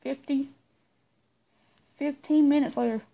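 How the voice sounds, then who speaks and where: A woman talking straight to her viewers in a loose, rambling vlog style, often repeating her words. Her voice sits a little high but is dark and mellow in tone. There is a gravelly fry running through it. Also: steady tone, measured pace, dull audio. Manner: chatty, rambling, repeats herself. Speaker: vlogger. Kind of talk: casual vlog chat to viewers.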